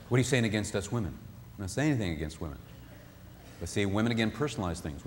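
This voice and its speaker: A man giving a sermon-style talk on marriage, animated, acting out what spouses say. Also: low-pitched, racing, big-room sound, slight background noise. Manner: animated, acts out spouses' voices. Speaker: marriage speaker.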